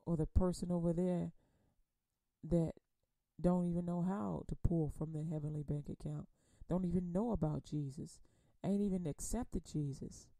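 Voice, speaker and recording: In a lowish, creaky voice with a dark tone, a woman teaches Bible study on the radio. She preaches conversationally, repeating words and leaning on folksy phrasing, then reads scripture slowly with emphasis. No room sound is audible.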